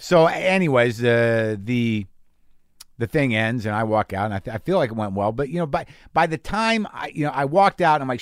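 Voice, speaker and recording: A man's voice: mid-range voice, lively intonation, fairly quick, no room sound, studio quality. Rambling, profane male podcast host. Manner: rambling, profane, self-deprecating storytelling. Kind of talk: casual monologue. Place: garage studio.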